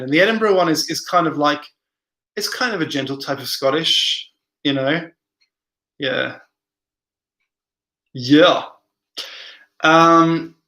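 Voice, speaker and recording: A man's voice: fairly high pitch, sharp tone, reverberant. A tired man hosting a late-night live stream, reading viewer comments aloud and rambling in answer to them.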